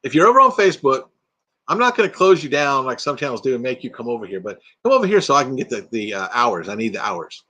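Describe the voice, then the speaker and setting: Fast and very animated, the older man speaks in a mid-range voice with a bright, forceful tone. He's hosting a casual livestream at home against a green screen, chatting with his viewers, voicing their comments and laughing often.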